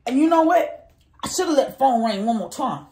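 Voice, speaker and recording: A woman venting to her handheld phone camera, telling a story in an animated, exasperated way. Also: sits high, brisk, echoey room. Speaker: vlogger.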